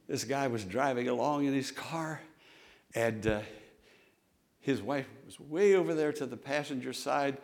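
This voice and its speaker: A man's voice: medium pitch, gravelly. A man preaching a sermon in a church, with emphatic repetition and call-and-response. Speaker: pastor. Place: church sanctuary.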